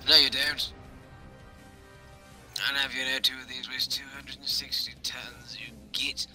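A man's voice: mid-range voice, little pitch movement, a little slow, sharp tone, faint music behind. A man commentating a tank game in a hammy mock-posh officer manner, swearing often. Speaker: gaming commentator. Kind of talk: mock-posh gameplay banter.

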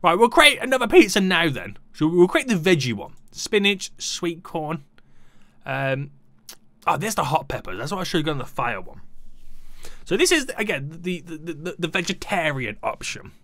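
A man's voice: fairly high pitch, big pitch swings, normal speed, pushed and bright, dry recording. A young man giving playful, chatty commentary on his gameplay and talking to the game's customers. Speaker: gaming YouTuber.

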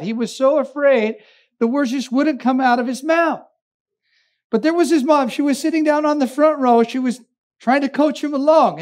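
A man's voice: extremely high pitch, darkish tone. A man, a pastor, preaching a sermon with humorous storytelling and emphatic repetition.

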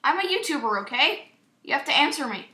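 A young woman giving casual, excitable gameplay commentary as a YouTuber, chatty and self-mocking. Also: sits high, fairly quick. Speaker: gaming YouTuber. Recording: echoey room with faint noise.

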